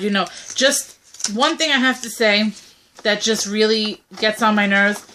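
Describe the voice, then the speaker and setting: A woman's voice: mid-range voice, a little slow, bright, forceful tone, a little hiss or hum. A young woman co-hosting a casual talk video, speaking bluntly and animatedly, often acting out quoted messages. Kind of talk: casual opinionated chat.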